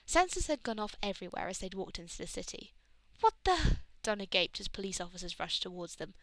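Expressive woman reading a story aloud. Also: medium pitch, fast talker, no room sound, poor audio. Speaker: reader. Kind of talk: fan fiction read aloud.

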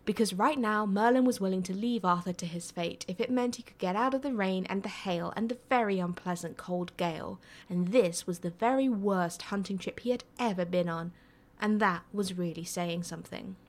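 A woman reading a story aloud in a steady, expressive way. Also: medium pitch, normal speed. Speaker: story reader. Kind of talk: reading fan fiction aloud.

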